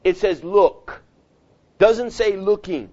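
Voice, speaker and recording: A man with a high voice preaches a sermon, jumping from loud outbursts to near-murmurs. He acts out the voices of the people he quotes. The recording sounds dull and lo-fi. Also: slow pace. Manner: preaching with sudden loud rises and quiet drops. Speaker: pastor.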